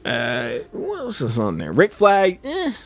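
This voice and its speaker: A man's voice: high-pitched, huge pitch swings, slow, soft background music. A young man chatting casually over a game he is playing, rambling with many fillers and restarts. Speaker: gaming channel host. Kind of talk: casual let's-play commentary.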